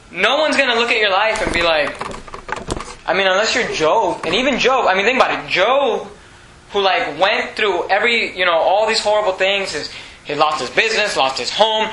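Emphatic preacher with a bright, high voice. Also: male voice. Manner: emphatic, rising to loud bursts. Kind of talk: sermon. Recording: echoey room, faint hum.

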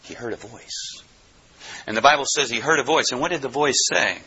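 A man preaching a sermon, teaching from the Bible with animated delivery and acted-out quotes. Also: mid-range voice, fairly quick, breathy edge, lo-fi sound.

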